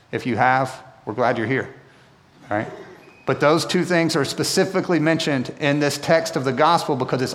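A man's voice: medium pitch, big-room sound. A male pastor preaching a sermon in a conversational way, often checking in with the congregation. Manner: conversational, asks the room "right?" often. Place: church auditorium.

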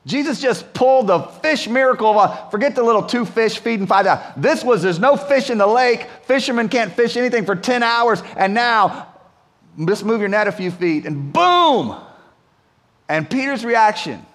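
A man's voice: sits high, lively intonation, normal speed, a bit bright. A man preaching a sermon as pastor in a church, chatty and repetitive, checking in with "right?". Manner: conversational, repeats words, asks the room "right?". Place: church hall. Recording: long hall reverb.

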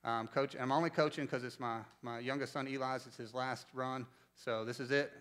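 Animated preacher man, bright and forceful. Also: medium pitch, normal speed. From North Carolina, US. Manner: conversational storytelling, animated, asks the congregation questions. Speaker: pastor. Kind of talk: sermon.

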